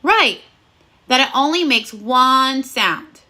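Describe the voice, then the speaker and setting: A woman teaching phonics to first graders in a video lesson. Her voice sits high and sounds bright and clear. She talks slowly and cheerfully, with sing-song praise for the children. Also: expressive.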